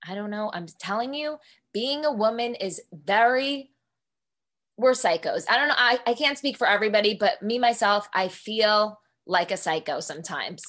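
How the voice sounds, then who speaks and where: A woman's voice: medium pitch, expressive, normal speed, fairly bright tone. Candid, swearing young woman podcaster. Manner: candid, emotional, swears freely. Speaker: podcast co-host. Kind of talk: casual solo podcast chat.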